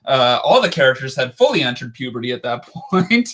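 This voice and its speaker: A man's voice: medium pitch, sing-song, fairly quick, a bit bright. A man co-hosting a live call-in stream, joking and sarcastic. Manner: sarcastic, jokey. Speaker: co-host.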